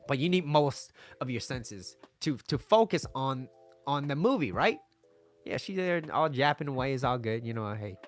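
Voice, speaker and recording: A man giving casual dating advice in a monologue, blunt and swearing freely, laughing and acting out both sides of conversations. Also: medium pitch.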